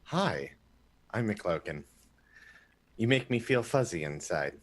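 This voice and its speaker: A man's voice: fairly low pitch, very animated, slow pace. A man introducing his character on a role-play stream, joking and teasing the others. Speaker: player. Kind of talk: casual chat among players.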